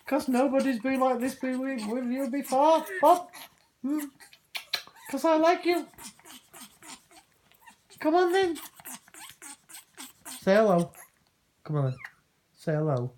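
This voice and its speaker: A woman coaxes her pet bird in a lively, sing-song voice that swoops up and down. She talks slowly and teases with playful swearing. A faint hiss sits behind her. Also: high-pitched, poor audio. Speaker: parrot owner. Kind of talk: casual chat to a pet.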